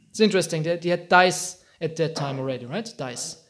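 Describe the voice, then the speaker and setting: A man tells an old epic story to a small group, loose and informal. He acts out the quotes and laughs often. His voice sits high. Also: brisk, fairly bright tone. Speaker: teacher giving a talk.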